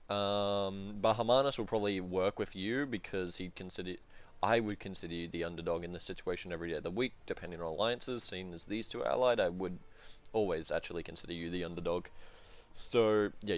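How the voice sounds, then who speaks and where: A man casually reviewing a strategy game campaign, rambling and swearing, with lots of fillers and restarts. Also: sits low. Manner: rambling, profane, full of fillers and self-corrections.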